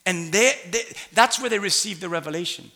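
A man preaching a sermon in a church, animated, laughing, and rising to shouts. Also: high voice, a little fast. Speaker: pastor. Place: church sanctuary. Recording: long hall reverb.

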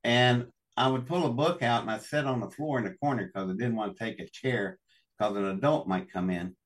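A man's voice: medium pitch, a little fast, recorded from a distance. An older man from West Virginia, a show guest telling long folksy stories with chuckles. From West Virginia, USA. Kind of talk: storytelling interview.

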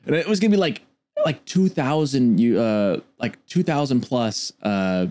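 Chatty animated podcast host. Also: male voice, medium pitch, moderate pace. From Pacific Northwest. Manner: animated, repeats words when starting sentences. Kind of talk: casual chat.

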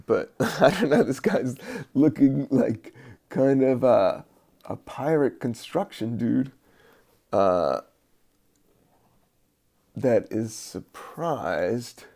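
A man hosting a podcast, rambling in a relaxed, musing way with many fillers while he doodles. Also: medium pitch, creaky. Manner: laid-back, slow, musing with many fillers and laughs. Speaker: podcast host.

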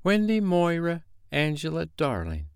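A man's voice: a little high, wildly swooping pitch, moderate pace, dry recording, clean studio sound, pitched above the performer's own voice. A man reading a storybook aloud, voicing a polite, prim young girl who is a little patronizing and motherly. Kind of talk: storybook character voice.

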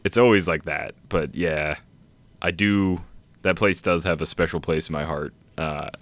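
A man's voice: deep voice, fairly even intonation, a little slow, a bit bright, dry recording. A young man co-hosting a podcast, talking in a rambling, enthusiastic way. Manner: rambling, enthusiastic, lots of restarts. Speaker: podcast co-host. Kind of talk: casual chat.

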